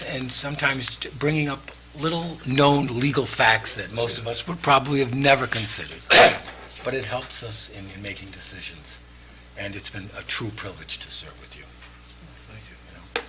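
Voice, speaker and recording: Male council president, very deep, emotional halting delivery, noisy room. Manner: emotional, halting speech with many fillers. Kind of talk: council meeting farewell remarks. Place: town hall council chamber. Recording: noisy meeting room recording.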